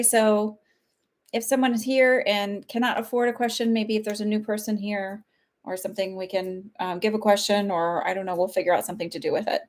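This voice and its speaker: A woman in her thirties, a psychic medium chatting casually on a livestream, rambling and laughing often. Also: mid-range voice. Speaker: psychic medium hosting live readings.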